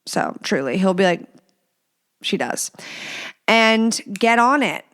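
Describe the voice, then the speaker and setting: A woman's voice: medium pitch, animated, measured pace, fairly bright tone. A woman hosting a podcast, talking in a frank and blunt way as she answers listener questions, swearing freely and using lots of fillers. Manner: chatty with many fillers. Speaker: podcast host.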